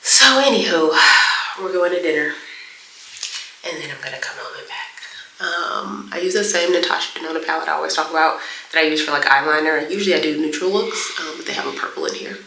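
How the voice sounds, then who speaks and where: Woman, fashion vlogger, casual update to camera, chatty, bright tone, roomy echo. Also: sits low, fairly quick, slight background noise. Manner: chatty, laughing asides.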